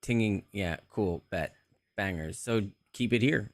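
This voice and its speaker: In clean studio sound with no echo, a livestream host with a fairly low voice speaks at a measured pace. He's casually muttering to himself while adjusting his mic settings.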